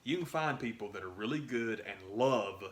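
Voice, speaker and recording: A man co-hosting a podcast, chatting about sports in a rambling, excitable way that trails off and restarts. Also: mid-range voice, normal speed, a little hiss or hum. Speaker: podcast co-host. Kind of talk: casual sports chat.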